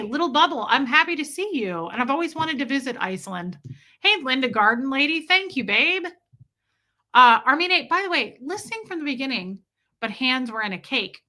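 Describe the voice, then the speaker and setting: A woman's voice: a little high, bright, forceful tone. A woman hosting a live stream, chatting casually and answering viewers' comments one by one in an affectionate way. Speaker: livestream host reading chat.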